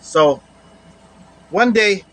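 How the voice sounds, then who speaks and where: A man with a high voice tells a personal story in a casual, conversational way. He circles back over his own phrases, repeats them, and keeps dropping in "you know.". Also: animated, drawn-out words, fairly bright tone.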